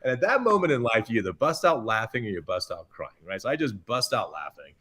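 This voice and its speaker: Animated middle-aged man telling a story. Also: mid-range voice, quick pace. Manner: lively, expressive storyteller, acts out quotes. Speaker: guest chef. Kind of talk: animated storytelling in podcast interview.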